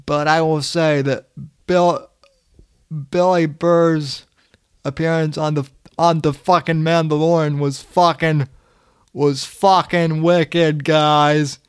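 A man doing a fake Boston accent as a brash, loud, swearing Boston man. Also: a little high, level tone, clear, resonant tone, dry recording, clean studio sound, voice pushed up. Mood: rowdy. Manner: shouty, profane, drawn-out words.

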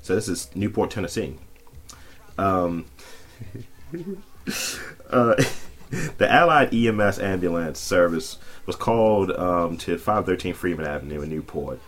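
A man in his thirties co-hosting a podcast in loud, profane casual chat, often jumping up into high mocking voices. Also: measured pace. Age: 30s. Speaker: podcast co-host.

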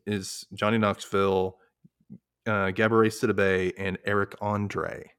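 A man's voice: lowish voice, little pitch movement, unhurried, a bit bright, clear, resonant tone. A man hosting a podcast, chatting casually and rambling as he searches for names. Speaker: podcast host. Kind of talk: casual chat.

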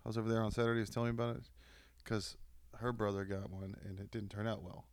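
A man's voice: fairly low pitch, little pitch movement, racing, no echo. A man co-hosting a podcast in casual chat, joking, riffing on the conversation and slipping into silly voices. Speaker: podcast co-host.

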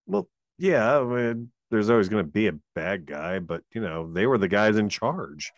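A man with a lowish voice chats about films and reads out trivia. He laughs easily and keeps a casual tone, recorded close and dry with no room sound. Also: sing-song, moderate pace, dry recording. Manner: chatty, laughs often, reads trivia aloud. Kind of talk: casual movie chat.

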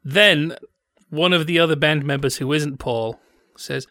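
Male co-host, fairly high and bright, playful and giggly, dry close mic. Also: measured pace, dry recording. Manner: jokey, laughs often, playful tangents. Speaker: podcast co-host. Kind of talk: casual chat.

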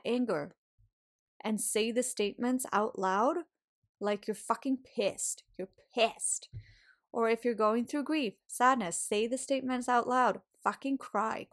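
Casual woman podcast host, pep-talk monologue, salty language, mid pitch. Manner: swears often, laughs, animated and encouraging.

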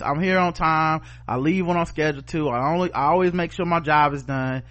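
A middle-aged man co-hosting a casual podcast, telling stories with frank, cussing candor. He slips into quick impressions of the people he's quoting. His voice sits a bit higher than most men's. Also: a bit bright. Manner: candid, profane storytelling with acted-out quotes. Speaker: podcast co-host. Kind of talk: casual chat.

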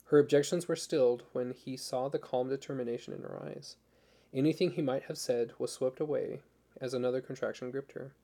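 Gravelly man reading a novel. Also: mid-range voice, steady tone, warm tone. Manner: measured, earnest reading. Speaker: audiobook narrator. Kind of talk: scripted narration.

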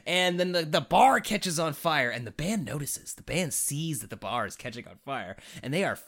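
Man from Canada, podcast co-host, expressive rising and falling delivery, casual and profane. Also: on the high side, moderate pace, creaky. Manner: animated, swearing, laughing, talks in bursts with restarts. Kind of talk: casual chat.

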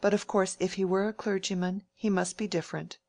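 A woman's voice: medium pitch, steady tone, fairly quick, a little mellow, voice pushed up, lightly acted. A woman reading an audiobook and voicing a prim, mild, self-righteous young woman in a raised, genteel tone. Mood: prim, plaintive. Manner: mild and genteel, plaintive when pressed.

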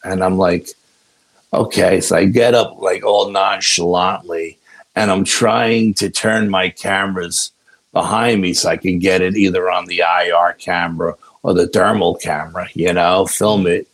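Gravelly, husky man telling a story. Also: deep voice, poor audio. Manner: laid-back, unhurried storyteller. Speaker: podcast guest. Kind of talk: casual storytelling.

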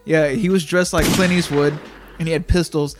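A man's voice: a little high, fairly even intonation, normal speed, background noise. A man telling a long dream story in casual chat, full of "like" and acted-out quotes. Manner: rambling, heavy use of "like", acts out quotes.

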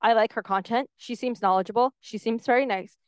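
A woman hosts her own podcast alone, speaking in a candid, animated, casual way full of "like". Her voice sits fairly high and comes through smooth and clean. The sound is dry, with no room behind it. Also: a little fast, no room sound. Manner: candid and animated, heavy use of "like". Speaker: podcast host. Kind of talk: casual solo podcast monologue.

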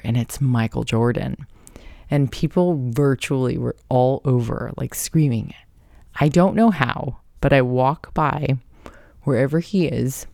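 A woman's voice: rumbling low, creaky, mellow, dry recording, clean studio sound. A woman hosting a podcast, telling a rambling personal story in a casual, chatty way. She swears now and then and laughs mid-sentence. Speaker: podcast host.

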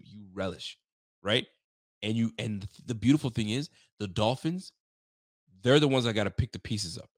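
A man's voice: on the low side, dry recording. Man, from Canada, grew up speaking French and Creole, post-game show host, hyped, repetitive, joking, dry close sound. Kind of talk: casual sports talk stream.

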